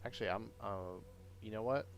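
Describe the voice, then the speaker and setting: A man's voice: lowish voice, a little fast. A man chatting casually to his viewers on a live stream, rambling and self-deprecating with a jokey manner.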